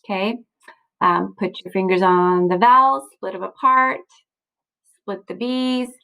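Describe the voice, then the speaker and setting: A woman's voice: medium pitch, steady tone, a little slow, gravelly, sharp tone, clean tone, low-quality recording. A woman teacher walking young students through a recorded slideshow lesson, patient and encouraging, often checking in with "okay?" and "right?". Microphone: computer mic, screen recording.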